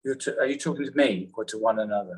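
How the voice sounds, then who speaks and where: A man's voice: on the low side, fast, breathy edge, low-quality recording. A man giving a talk to a class over a video call, chatty and apologetic, with rambling asides. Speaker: guest teacher on a video call.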